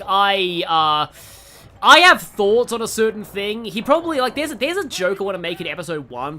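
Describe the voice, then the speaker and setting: Lets player chatting over gameplay, rambly and bouncy, bright voice. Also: medium pitch, a little hiss or hum. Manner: rambling, digressive, excitable. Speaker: let's player. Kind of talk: casual gameplay commentary.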